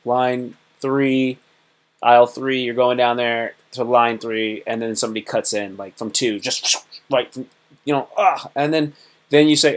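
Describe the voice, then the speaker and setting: A man's voice: mid-range voice, steady tone, unhurried. A man hosting a casual livestream talk, rambling and repetitive, often acting out little dialogues. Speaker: host. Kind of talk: casual livestream monologue on self-improvement.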